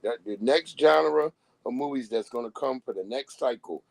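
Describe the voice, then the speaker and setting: A man's voice: medium pitch, normal speed, creaky, darkish tone, no echo, poor audio. A man on a live stream, ranting bluntly in casual talk and acting out the voices of people he quotes. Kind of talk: casual profane rant.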